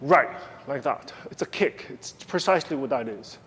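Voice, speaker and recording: A man's voice: mid-range voice, lively intonation, moderate pace, a bit bright. A man teaching a ballet class, counting beats aloud and calling out cues between short explanations. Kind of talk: live dance class instruction. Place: large dance studio. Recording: echoey studio, piano music behind.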